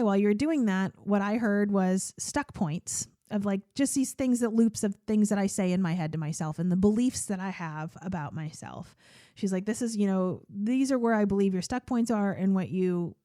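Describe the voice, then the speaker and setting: A woman's voice: medium pitch, normal speed, mellow, no room sound, clean studio sound. A woman hosting her own podcast, talking candidly and chattily about her therapy, laughing often and tearful at times. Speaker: podcast host. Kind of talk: personal solo podcast talk.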